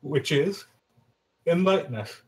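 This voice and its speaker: A man voicing a wry, confident male bard adventurer in a tabletop game, speaking loud and quick in a husky voice. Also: fairly high pitch, animated, heavily acted.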